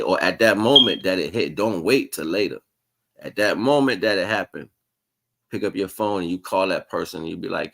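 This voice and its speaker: Deep-voiced man musing casually on a livestream. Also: brisk, vocal fry, fairly bright tone. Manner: casual, slangy, keeps asking "you know what I'm saying"; rambling, musing delivery with restarts. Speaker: livestream host. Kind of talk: spiritual livestream monologue.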